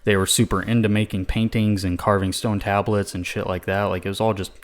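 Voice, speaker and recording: A man's voice: fairly low pitch, little pitch movement, a little fast. A man co-hosting a casual podcast, rambling with lots of fillers and swearing. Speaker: podcast co-host.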